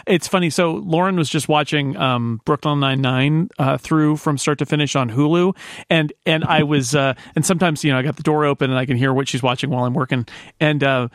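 A man's voice: fairly high pitch, steady tone, a little fast, dry recording. Man rambling in dry casual chat. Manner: rambling, self-interrupting. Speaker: podcast co-host.

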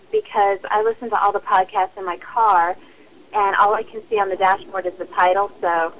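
A woman leaving a polite, chatty voicemail for a podcast. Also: medium pitch. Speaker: caller. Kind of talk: voicemail message. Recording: muffled phone line with faint hiss.

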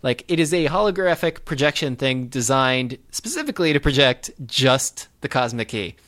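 Animated man riffing on a movie. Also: mid-range voice, normal speed. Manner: rambling, laughing, lots of fillers and restarts. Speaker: podcast co-host. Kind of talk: casual movie-riffing chat.

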